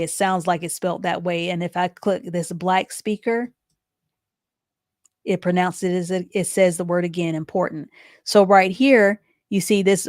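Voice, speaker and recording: A woman teaching a live online reading class, patiently repeating each explanation step by step and reading sentences out slowly. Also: fairly low pitch, dry recording, studio quality. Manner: reads sentences out slowly and deliberately.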